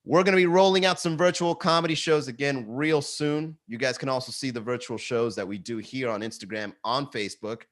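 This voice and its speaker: A man hosting a live comedy podcast, telling stories casually with lots of swearing and sudden high excited outbursts. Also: fairly quick, few pauses. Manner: animated storytelling, swearing, jumps into high excited voices for quotes. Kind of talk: casual live-stream chat. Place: Miami.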